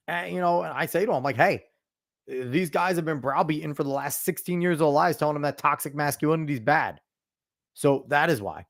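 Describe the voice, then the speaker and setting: A man in his thirties hosting a podcast, giving blunt, profane, animated opinions in casual commentary. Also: on the high side, brisk, gravelly. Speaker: podcast host.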